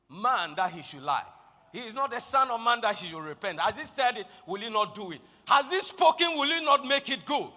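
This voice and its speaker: Man, preacher, impassioned sermon, shouted declarations, very high voice, long hall echo.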